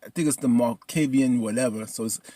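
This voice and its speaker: A man casually recapping a TV episode in an excitable, colloquial way. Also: medium pitch, fairly quick. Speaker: TV episode reviewer.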